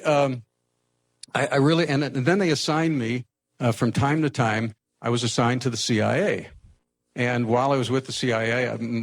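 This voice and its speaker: An older man from the United States telling a personal story to a live audience, lively and anecdotal with frequent restarts. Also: medium pitch, vocal fry. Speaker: speaker telling his life story.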